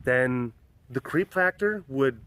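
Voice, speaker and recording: A man hosting a casual walk-and-talk vlog around an outdoor animal compound, filming on a handheld phone, chatty and rambling, with bursts of excitement. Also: mid-range voice, takes it slowly, slight background noise. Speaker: big cat sanctuary keeper and vlogger.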